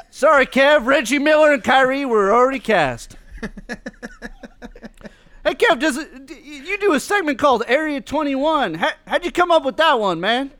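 A man's voice: extremely high pitch, expressive, normal speed, fairly bright tone, no room sound. A man doing a laid-back southern roast comic. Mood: mocking. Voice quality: mock southern drawl. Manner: mocking roast jokes, laughing often. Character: relaxed southern-drawling comedian, adult man. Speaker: podcast co-host. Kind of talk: comedy roast bit.

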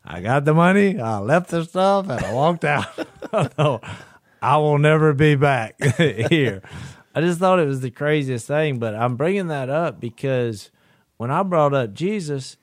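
A man's voice: on the high side, a little slow, no room sound, clean studio sound. A man, a podcast co-host telling a story in casual chat and laughing along with it. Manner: animated, laughs through his own story.

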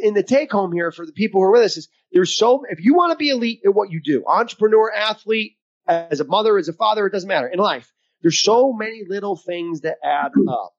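A man's voice: sits high, sing-song, a little fast, muffled recording. A man co-hosting a podcast as a mental performance coach, talking with emphatic coaching energy over a video call. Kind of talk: casual podcast chat.

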